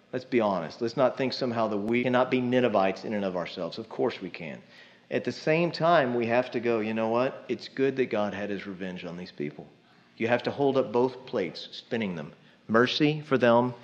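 A man's voice: medium pitch, muffled recording. A man preaching a sermon in a conversational way, often asking the congregation questions. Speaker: pastor.

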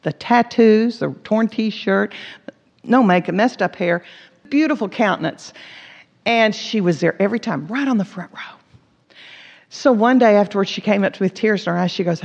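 A woman's voice: mid-range voice, normal speed, gravelly. A middle-aged woman teaching a Bible study, telling stories and acting out quotes with animation. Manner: animated storytelling, acts out quotes. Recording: dull reverberant hall sound.

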